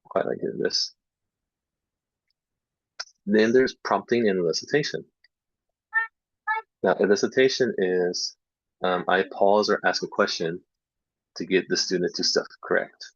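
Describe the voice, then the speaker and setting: A man giving a casual online lesson on speaking feedback, talking in a relaxed way with lots of fillers and repeating student errors to demonstrate them. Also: deep voice, unhurried, pauses often, slightly rough, no echo. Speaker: English teacher trainer. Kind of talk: casual online teaching talk. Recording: dull lo-fi dry online recording.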